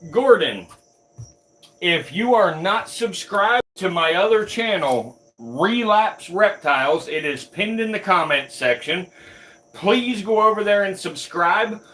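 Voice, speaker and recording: Lively bright-voiced man hosting a reptile stream. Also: high-pitched, slow. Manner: casual, swears, coos at snakes. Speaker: reptile keeper and livestream host. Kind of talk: casual livestream chat.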